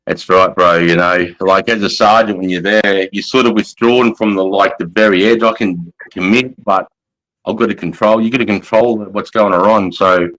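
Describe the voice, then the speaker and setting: A man's voice: on the low side, steady tone, normal speed, fairly bright tone, low-quality recording. A middle-aged Australian man, an army veteran, hosting a casual livestream, blunt and swearing freely as he chats and reads out comments. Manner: blunt, heavy swearing, matey.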